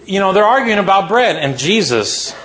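Male preacher, slightly high voice, sermon to teachers, dramatic storyteller who throws questions at the room. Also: moderate pace. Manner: animated storytelling with rhetorical questions.

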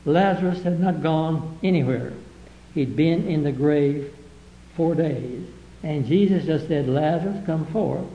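A man's voice: a little high, slow, slight background noise. A male preacher reading scripture verse by verse and explaining it in plain words, with old-fashioned phrasing in the quoted verses. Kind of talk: Bible-reading sermon. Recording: echoey, dull lo-fi recording.

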